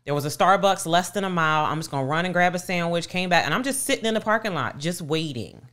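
A woman's voice: fairly low pitch, lively intonation, quick pace, fairly bright tone. A middle-aged woman co-hosting a podcast, animatedly retelling a story and acting out the voices of people in it. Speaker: podcast co-host. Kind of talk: casual storytelling chat.

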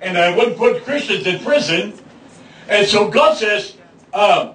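Man, pastor, high voice, emphatic sermon, shouting at peaks, far from mic, echoey church. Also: animated, unhurried, slight background noise. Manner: emphatic, rising to shouts, acting out quoted voices. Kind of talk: preaching a sermon with congregation responses. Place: church sanctuary.

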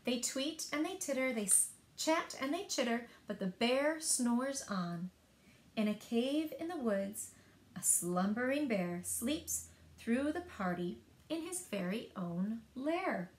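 Slow, rhythmic woman reading aloud. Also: a little high. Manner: rhythmic, expressive read-aloud. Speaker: librarian. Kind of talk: reading picture books aloud. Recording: echoey room.

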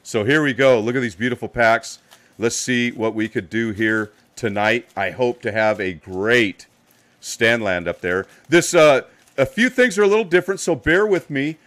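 A man's voice: mid-range voice, lively intonation, normal speed. Upbeat middle-aged man hosting a live stream. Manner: upbeat, hyped shout-outs to chat viewers. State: a little tired. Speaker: live card-break host. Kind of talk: live-stream card break commentary.

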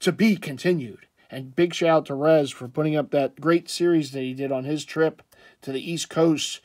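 A man with a slightly high voice talks his way through sports jerseys in a loose, rambling vlog. He drifts between comments and throws in jokey asides. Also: steady tone, moderate pace, a little mellow. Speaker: sports jersey collector vlogger. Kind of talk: casual commentary.

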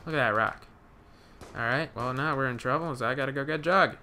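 A man's voice: mid-range voice, fairly quick, sharp tone, a little hiss or hum. A young man giving live gameplay commentary, rambling with many fillers and restarts, swearing when startled. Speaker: gaming commentator.

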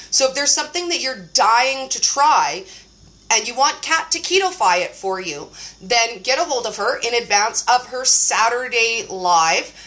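A woman hosting a casual phone livestream chat, bubbly and effusive and quick to laugh. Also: fairly high pitch, pushed and bright. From Canada. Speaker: host. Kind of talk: casual live-stream chat.

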